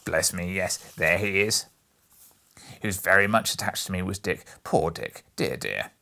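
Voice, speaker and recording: An old miser speaks softly and wistfully, as a man acts him out in a storybook reading. The voice sits low and gentle. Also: expressive, moderate pace, vocal fry, exaggerated voice. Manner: soft, wistful remembering.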